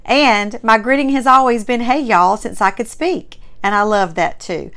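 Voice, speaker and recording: A woman's voice: fairly high pitch, lively intonation, normal speed, a bit bright. A woman with a Mississippi Southern accent hosting her own vlog, chatting in a folksy, enthusiastic way and repeating words for emphasis. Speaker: host.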